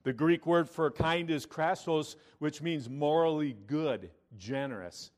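Preaching man, swinging loud and soft. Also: a little high, a little slow. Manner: preaching with swings between loud emphasis and quiet intimacy; reads scripture in King James wording. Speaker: pastor. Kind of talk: sermon.

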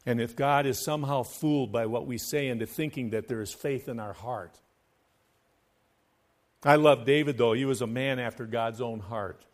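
A man preaching a sermon as pastor to his church, swinging between hushed, quiet stretches and loud, fervent passages, and chanting scripture in a sing-song cadence. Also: medium pitch, moderate pace.

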